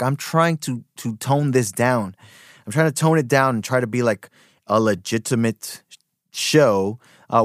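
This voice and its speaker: A man's voice: medium pitch, no echo, studio quality. A man hosting a podcast in a casual, rambling monologue full of profanity and emphatic asides. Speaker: podcast host.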